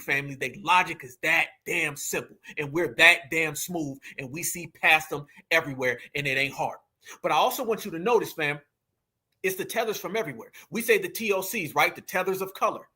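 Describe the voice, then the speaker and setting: A man's voice: sits high, bright, forceful tone. A man hosting commentary, talking heatedly and preachily, often calling his listeners family. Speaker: commentary channel host. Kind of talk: heated commentary reacting to a clip.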